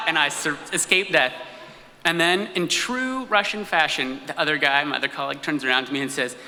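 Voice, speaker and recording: A man tells a personal story live on stage, animated and comic, acting out his own reactions. His voice is slightly high and very bright. It rings through a reverberant event hall, with a faint hiss of noise behind it. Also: quick pace. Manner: animated, comic retelling with acted-out asides.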